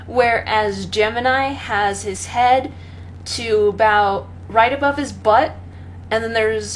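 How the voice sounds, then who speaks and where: A young woman chatting casually about her pets, rambling with many pauses and fillers and often breaking into laughter. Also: medium pitch, slight background noise. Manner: rambling, full of ums and laughs, talks to her cat. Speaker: pet owner vlogger. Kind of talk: casual chat.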